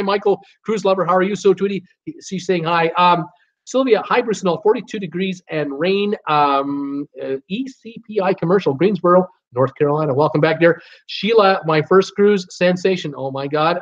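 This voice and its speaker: A man's voice: sits high, lo-fi sound. A man hosting a live-stream show, chatting casually and reading viewer comments aloud with lots of fillers. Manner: chatty, rambling, reads chat messages aloud with many fillers. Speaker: host of a live cruise show.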